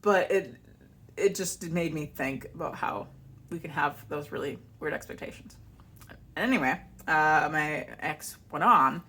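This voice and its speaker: A woman vlogger and author telling a story in a casual, animated, chatty way. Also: low voice, moderate pace, breathy edge. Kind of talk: casual chat.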